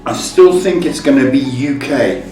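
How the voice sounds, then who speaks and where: Man, psychic show host, slow cheeky banter, echoey room, music behind. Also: medium pitch, animated, a little mellow. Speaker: psychic tarot reader, host. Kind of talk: live call-in reading show. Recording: roomy echo, far from mic, music behind.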